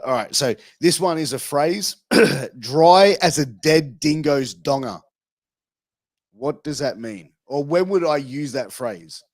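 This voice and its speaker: A man's voice: medium pitch, dry recording. A man with an Australian accent, hosting a podcast interview in a laid-back, chummy way, full of slang. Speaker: podcast host. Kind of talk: casual interview.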